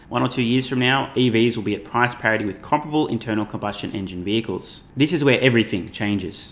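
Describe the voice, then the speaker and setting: A man hosting his channel, talking through presentation slides with emphatic, profane commentary and laughing at his own jokes. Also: medium pitch. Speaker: finance YouTuber.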